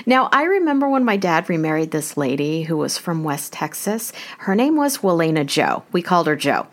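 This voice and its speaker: A woman hosting an interview, animated and amused, reading favorite lines from a book aloud. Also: deep voice, moderate pace, few pauses. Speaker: interview host. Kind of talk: casual interview chat. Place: New York City home.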